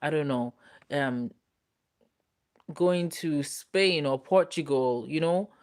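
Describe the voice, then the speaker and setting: Brief: young woman hosting a live stream, relaxed and chatty, reads out viewer comments. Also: low-pitched, slow pace. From United Kingdom. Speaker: host reading viewer comments. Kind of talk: casual live-stream chat.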